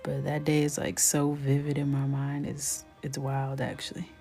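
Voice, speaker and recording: A woman in her thirties telling stories while she colors on a live stream, chatty and animated, often dropping to a near whisper. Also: very deep voice, moderate pace, faint music behind. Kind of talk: casual storytelling while coloring.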